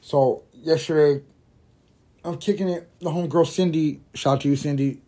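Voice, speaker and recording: Stoned male podcaster, loose rambling delivery, curses constantly, mellow tone. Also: a little high, fairly even intonation, moderate pace. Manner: rambling, heavy swearing, laughs at own jokes. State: high while smoking. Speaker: podcast host. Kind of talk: casual storytelling monologue.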